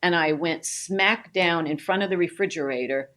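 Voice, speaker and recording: A woman co-hosting a casual talk show, telling an animated story about her own mishap and acting out her own cries. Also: fairly low pitch, moderate pace. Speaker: co-host, wife of the host.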